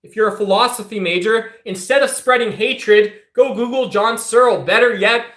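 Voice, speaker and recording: A man's voice: high-pitched, moderate pace, a bit bright, echoey room. A man hosting a livestream, ranting heatedly and profanely while talking straight to his chat. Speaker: livestream host.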